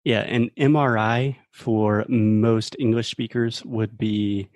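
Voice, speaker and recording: A man's voice: lowish voice, steady tone, slow pace, a little mellow, dry recording, studio quality. A man, co-hosting a casual podcast chat and patiently explaining English pronunciation. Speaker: co-host teaching English.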